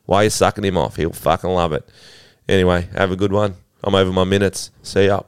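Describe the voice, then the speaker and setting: A man voicing a crude, rambling English man who leaves a voicemail full of swearing and fumbling pauses. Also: low voice, fairly even intonation, clean tone, dry recording, clean studio sound. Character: crude rambling English man, a brother giving bad news. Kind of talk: improvised comic voicemail bit.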